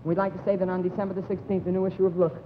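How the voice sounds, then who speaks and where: A young man hosting a live comedy TV show, delivering announcements in a mock-earnest pitchman manner. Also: little pitch movement, racing, in a large hall, a little hiss or hum. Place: TV studio stage before an audience. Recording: dull 1950s TV broadcast with loud studio audience.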